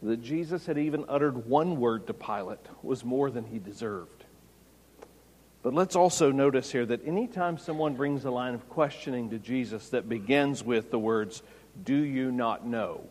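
A man preaching an expository sermon, rising to loud, emphatic peaks. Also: mid-range voice, normal speed. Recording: long hall reverb.

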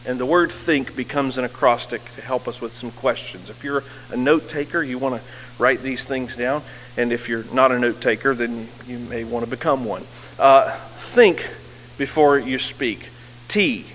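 A man's voice: mid-range voice, unhurried, a bit bright. A male pastor preaching earnestly, building to emphatic peaks, through an amplified mic in a church hall. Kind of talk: sermon. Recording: long hall reverb with faint hum.

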